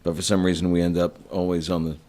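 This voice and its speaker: A musician guest trades jokes in a radio studio, quick to poke fun at himself. He is a man with a fairly low voice and a loose, conversational delivery. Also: little pitch movement, warm tone. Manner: jokey, self-deprecating. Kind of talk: casual radio interview.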